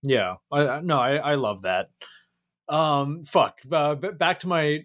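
A man's voice: fairly high pitch, unhurried, fairly bright tone. Blunt, joking podcast host man. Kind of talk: casual podcast chat.

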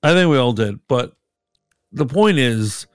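A man's voice: mid-range voice, lively intonation, a little slow, clean tone, no echo, clean studio sound. A man co-hosting a podcast, telling rambling stories in casual chat and swearing freely. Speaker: podcast co-host.

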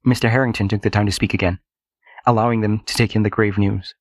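A man narrating a scripted story in a steady, dramatic manner. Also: fairly low pitch, quick pace, no room sound.

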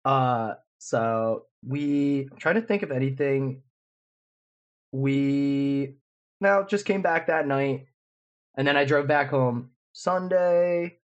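A man in his twenties co-hosts a podcast, rambling slowly through a casual, filler-heavy story in a mid-range voice. The audio sounds dull.

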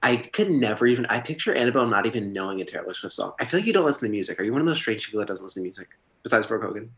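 A man's voice: on the low side, expressive, rapid-fire, fairly bright tone, echoey room. A man on a video call, rambling through funny stories and breaking into giggles. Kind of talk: casual video call chat.

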